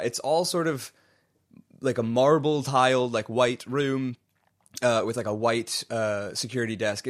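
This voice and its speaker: A man narrating as game master of a tabletop game, rambling and hesitant, full of fillers. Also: on the low side.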